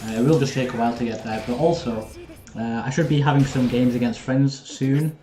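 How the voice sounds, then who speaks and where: A young man, chatting easily with his viewers as he plays live and talks through each round. His voice sits at an ordinary middle pitch and carries a roomy echo. Faint game music plays beneath him. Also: steady tone, fairly quick, dark tone. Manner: casual, chatty, talks to viewers while playing. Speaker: streamer. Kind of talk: live gameplay commentary.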